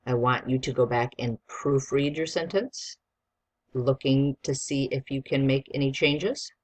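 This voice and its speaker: A teacher leads a spelling dictation lesson, taking it slowly and deliberately and spelling each word out one letter at a time. The tone stays patient and encouraging toward a young student, with a mid-range voice. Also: medium pitch, steady tone.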